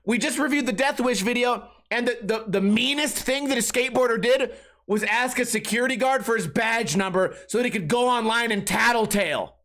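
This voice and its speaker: A man's voice: very high voice, a little fast, a bit bright. A man in his thirties hosting a solo podcast, delivering a loose comedic rant. He swears freely and jumps into mocking voices of other people. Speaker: podcast host.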